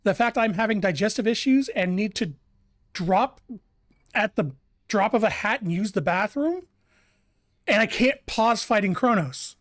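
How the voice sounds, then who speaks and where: A game streamer rambles through live commentary, often restarting sentences and breaking into laughter. The voice sits at a middling pitch. The recording is dry and close, with no room sound. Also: expressive, measured pace, pauses often, dry recording.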